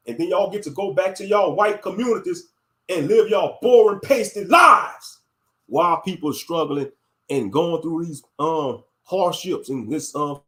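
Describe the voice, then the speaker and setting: A man delivering a blunt, heated commentary rant as a YouTube commentator. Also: a little high. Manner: blunt, heated, repeats catchphrases. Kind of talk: ranting commentary.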